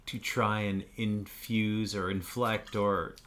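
A man in casual conversation who mostly listens and agrees, speaking in a measured way. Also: fairly low pitch, little pitch movement, heavy background noise. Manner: measured, agreeable, frequent "mm-hmm" backchannels. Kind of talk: casual chat.

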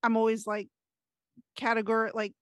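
A woman's voice: fairly high pitch, monotone, moderate pace, no room sound, clean studio sound. A woman, likely in her thirties or forties, guesting on a casual podcast and telling personal stories in an earnest, anxious way. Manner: earnest storyteller, anxious, frequent fillers. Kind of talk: casual chat.

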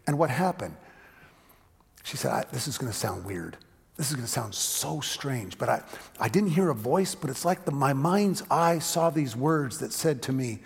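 A male pastor delivers a conversational sermon, his voice gravelly and a little husky. He lifts his voice to stress a point and drops to near a whisper in quieter moments. The sound carries the long reverb of a big hall. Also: mid-range voice. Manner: conversational preaching, voice rising for emphasis, dropping to a hush for stories.

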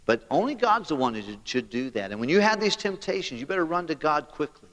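A man preaching a sermon as pastor, animated and talking straight to his congregation. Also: fairly high pitch, brisk, long reverb tail.

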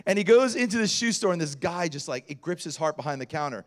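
High, lively-voiced pastor preaching. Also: male voice, quick pace. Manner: animated, storytelling, self-deprecating humor. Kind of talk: sermon with personal stories.

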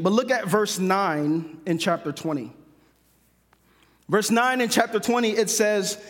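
Guy preaching, pretty high voice, chatty and joking, long hall echo. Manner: conversational, self-correcting, with humorous asides. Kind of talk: sermon.

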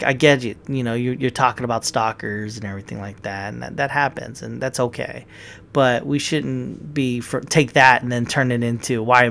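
A man's voice: mid-range voice, vocal fry, fairly bright tone, a little hiss or hum. A man ranting casually in a rambling, profane way, often restarting his sentences. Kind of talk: casual opinion rant.

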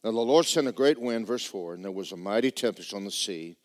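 A man's voice: fairly low pitch, expressive, brisk, a little mellow. A man preaching a sermon in a church, telling stories in a folksy way and reading scripture aloud with rising drama. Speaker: pastor.

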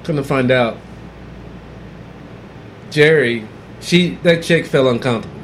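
A man's voice: mid-range voice, measured pace, a little hiss or hum. A man telling a story on a podcast, swearing freely and acting out what people said. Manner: profane animated storytelling, acting out quotes loudly. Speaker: podcast co-host.

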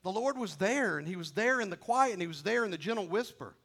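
A man's voice: sits high, expressive, fast, creaky, fairly bright tone. A male pastor preaching a sermon, exhorting his listeners with emphatic repetition.

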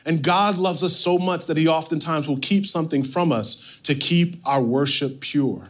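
A male pastor preaching a sermon, reading scripture and retelling it with animated, playful asides. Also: a little high, normal speed.

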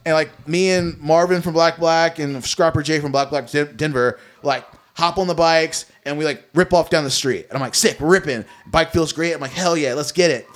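A young man spins a long, foul-mouthed story among friends. His voice sits a little high, and he talks in a loose, animated way, stumbling over restarts and stacking up "like"s. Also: normal speed, hardly any pauses. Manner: animated, profane, many likes and restarts. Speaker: guest telling a story.

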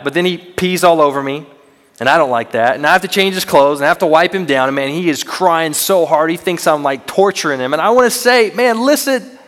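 A man's voice: fairly high pitch, a bit bright. A young man preaching a sermon as a student minister, earnest and conversational with self-deprecating humor. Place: church sanctuary. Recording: long reverb of a large hall.

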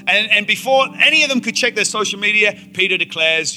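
Animated, bright-voiced male preacher. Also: sits high, a little fast, faint music behind. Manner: animated, enthusiastic storytelling with playful asides. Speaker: pastor. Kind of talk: sermon. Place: church auditorium before a congregation.

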